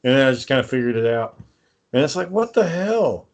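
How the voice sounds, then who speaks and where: A man's voice: medium pitch, very animated, fairly quick. A man co-hosting a casual podcast chat, ranting with lots of swearing and sarcasm. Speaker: podcast co-host.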